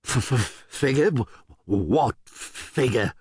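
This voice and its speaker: A man's voice: on the high side, very animated, slow, fairly bright tone, no echo, clean studio sound, voice pushed up, full character voice. A man voicing a jittery, clumsy male Diplodocus miner who stammers in panic, in a children's audiobook. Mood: panicked. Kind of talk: audiobook character voice.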